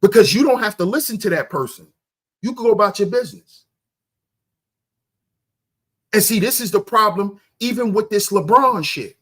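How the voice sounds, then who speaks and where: Loud ranting man with lively pitch. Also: normal speed, long pauses, slightly rough. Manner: loud, confrontational, profane, often shouting; asks rhetorical questions and answers them himself. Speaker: livestream host. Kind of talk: ranting commentary to live chat.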